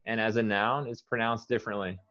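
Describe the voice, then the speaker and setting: An American man teaches English pronunciation one-on-one. He has a lowish voice and sounds each word out slowly and repeats it. The audio is a muffled video call. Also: fairly even intonation, sharp tone. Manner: patient, models words slowly and repeats them.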